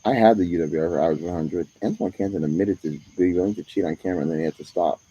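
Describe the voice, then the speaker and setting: Low-voiced man rambling on a stream. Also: quick pace, dark tone, husky, muffled recording. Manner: profane, jumps between topics. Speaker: live streamer. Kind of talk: rambling live-stream monologue.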